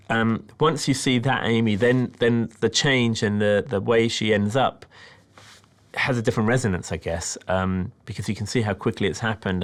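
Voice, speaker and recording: British guy, film director, lowish voice, thoughtful measured explaining. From Britain. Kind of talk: interview about his documentary.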